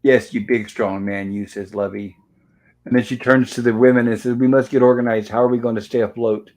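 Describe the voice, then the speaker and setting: A man with a mid-range voice hosts a relaxed recap, walking through an old episode scene by scene. He reads the characters' lines aloud in a plain, conversational way, with no put-on voices. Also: mid-range voice, a little fast. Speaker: show host. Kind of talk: casual episode recap chat.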